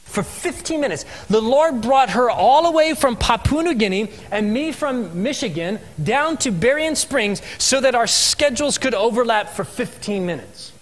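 A man telling his missionary story as a sermon testimony in a church, animated and asking the congregation questions. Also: very high-pitched, normal speed, few pauses. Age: adult with three children. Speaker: missionary speaker.

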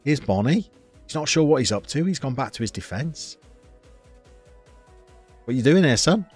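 Brief: streamer, mid-pitched, chatty, talks through game play over faint background music. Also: male voice, sing-song, normal speed, breathy edge. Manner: chatty, reacts loudly to play, greets chat. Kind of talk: live game commentary.

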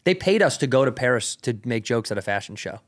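A man's voice: mid-range voice, big pitch swings, quick pace. Slangy man telling a story. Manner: loose and slangy, peppered with "like" and "rad", swears freely. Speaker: podcast guest, comedian. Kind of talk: casual storytelling chat.

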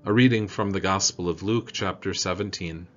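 Low-voiced man reading scripture. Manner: measured, solemn, even reading. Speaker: pastor leading devotions. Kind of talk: scripture reading and liturgical prayer. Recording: dull lo-fi audio with faint music.

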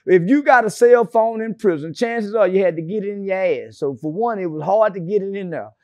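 In a dry, clean studio recording, an interview guest with a high, slightly mellow voice speaks at a fairly quick pace. His casual storytelling is brash and profane, mocking people and tossing in sarcastic asides.

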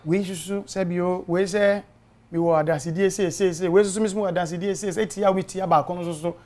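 Emphatic fast-talking Ghanaian man. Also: high-pitched, steady tone, a little mellow. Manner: emphatic, mixes Twi and English, repeats himself. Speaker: political party communicator, panel guest. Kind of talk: heated political debate.

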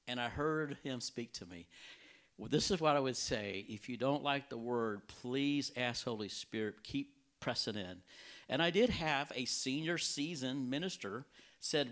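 Lively man telling a church testimony. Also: measured pace. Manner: animated storyteller, voice jumps high for quoted reactions. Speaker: healing evangelist.

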